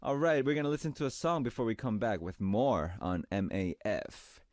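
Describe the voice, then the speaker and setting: A man hosting a radio show, chatting warmly and reading listener messages on air. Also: fairly low pitch, moderate pace, dry recording, studio quality. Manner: upbeat and chatty, reads messages in a brighter voice. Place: radio studio.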